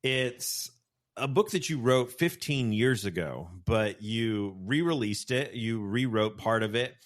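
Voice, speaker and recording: A man hosting a podcast interview, asking questions in a relaxed, playful, teasing way. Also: mid-range voice, measured pace. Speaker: podcast host.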